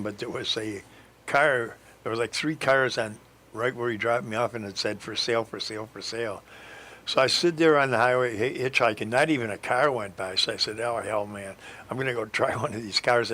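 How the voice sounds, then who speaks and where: Rambling, bright-voiced male storyteller. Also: mid-range voice. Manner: meandering, hesitant, frequent fillers and restarts. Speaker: radio guest telling a life story.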